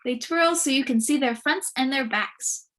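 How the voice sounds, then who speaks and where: A woman's voice: high voice, normal speed, fairly bright tone. A woman voicing a spoiled, vain little rich girl who gushes and shows off. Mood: showing off. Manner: showy, bossy, gushing.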